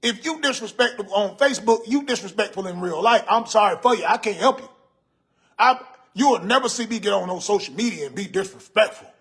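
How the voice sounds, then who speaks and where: In a house room, filmed on a phone mounted to a ring light, a man in his 50s reads livestream comments while playing a sassy, old-school, gray-haired uncle who scolds and jokes with viewers. His full character voice is high, fairly quick and fairly bright, with a breathy edge.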